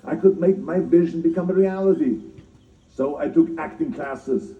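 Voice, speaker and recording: Speaking at normal speed in a fairly high voice, an older man with a German accent delivers the keynote at an outdoor citizenship ceremony. He hammers home repeated key phrases and pokes fun at himself. The sound comes from an audience phone filming his mic, distant, echoey and muffled.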